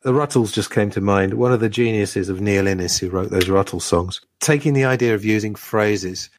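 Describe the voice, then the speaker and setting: A man's voice: lowish voice, moderate pace, a little hiss or hum. A man co-hosting a podcast in casual discussion, explaining with examples and asides. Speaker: podcast co-host.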